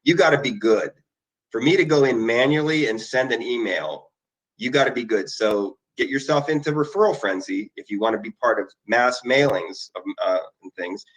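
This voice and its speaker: A man's voice: medium pitch, normal speed, poor audio. A middle-aged man hosting an online marketing video, talking casually and rambling through emotional asides and eager plugs. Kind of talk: casual screen-share talk to viewers. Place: indoor conference room.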